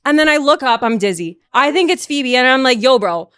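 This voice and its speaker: Animated young woman telling a story. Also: high voice, fairly quick, clean tone, no echo. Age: young adult. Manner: animated, tells stories with sound effects and quoted voices. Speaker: podcast guest. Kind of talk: casual storytelling. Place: podcast studio.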